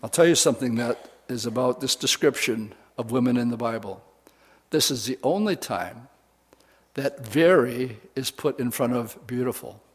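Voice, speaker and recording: A man's voice: medium pitch, normal speed, slightly rough. Man preaching a folksy Bible sermon. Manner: retells scripture in plain folksy words, animated.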